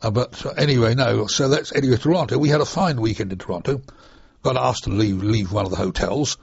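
Speaking fast in a mid-range, husky, gravelly voice, this older man from the UK recalls his days as an RAF trainee pilot for an oral history interview. He rambles chattily and chuckles through his asides. The dry recording sounds dull and lo-fi.

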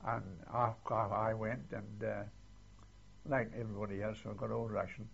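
Older man, gravelly, husky, rambling oral history, lo-fi archive tape. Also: on the low side, little pitch movement, moderate pace. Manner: rambling, tags lines with "see". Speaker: war veteran interviewee.

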